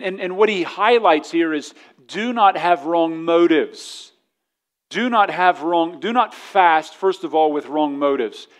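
A male pastor preaching a sermon to a congregation, teasing them and reading scripture aloud in King James wording. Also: high-pitched. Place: church service before a congregation.

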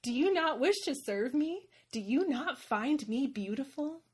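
A woman's voice: high voice, expressive, a little slow, voice pushed up. A woman voicing a vain, haughty female dragon who talks down to a human. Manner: imperious, scornful.

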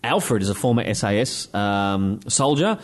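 Swearing, animated man on a podcast. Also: on the low side, a little slow. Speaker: podcast host. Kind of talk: casual podcast chat.

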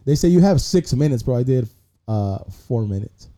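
A man's voice: medium pitch, animated, normal speed, dark tone. A young man, a guest comedian rambling through stories in casual, slangy podcast chat. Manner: rambling storyteller, slangy, peppered with 'bro'.

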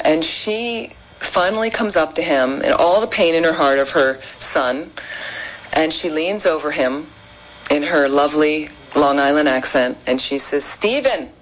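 Deep-voiced woman telling a story. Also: low-quality recording. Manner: conversational, building to a punchline. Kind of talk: recorded personal anecdote.

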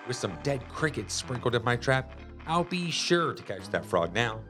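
A man's voice: medium pitch, very animated, normal speed, music in the background, close to an everyday voice. A man reading a storybook, voicing a shy, curious young boy who speaks hesitantly. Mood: unsure.

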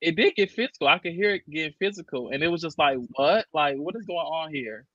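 A man's voice: a little high, fairly quick, bright, forceful tone, dry recording, lo-fi sound. A man on a podcast panel, chatting casually and telling a story in a slangy way, with lots of "like". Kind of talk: casual chat.

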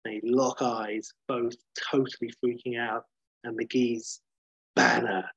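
A man retelling a story at length in a casual, lively way, swearing now and then and acting out the characters' lines. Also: medium pitch, takes it slowly, slightly rough, dry recording. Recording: dull muffled lo-fi sound.

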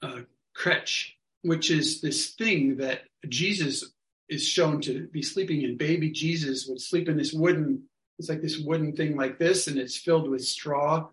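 A man casually telling a story to an online study group, acting out what people said in lively quotes. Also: a little high, a little slow. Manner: animated, acts out other people's lines. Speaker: workshop leader telling a story. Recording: echoey room sound.

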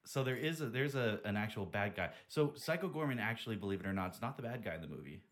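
Lower-voiced man swearing through a recap. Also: animated, fast. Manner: profane, laughing recap. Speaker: podcast host. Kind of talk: casual podcast chat.

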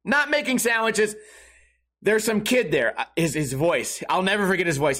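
A man with a high voice telling a funny story as a rant. His tone is bright and sharp, and his delivery is sarcastic and over the top, with plenty of swearing. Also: animated, moderate pace. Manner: sarcastic, exaggerated, profane.

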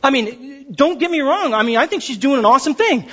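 A man preaching a sermon in a lively, conversational way, acting out the voices of the people in his story. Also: very high voice, a little fast, few pauses, husky, highs cut off. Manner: animated, acts out voices of characters. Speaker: pastor.

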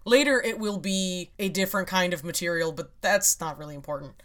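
A woman's voice: lowish voice, fairly quick, fairly bright tone. Woman, podcast host, casual chat, wry and rambling, frequent laughs.

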